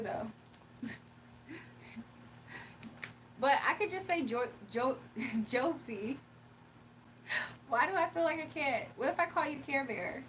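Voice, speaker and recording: A woman hosting a casual livestream. She speaks, laughing often and reading viewers' chat messages aloud. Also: high voice. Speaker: livestream host doing readings. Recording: a bit distant from the mic, faint room noise.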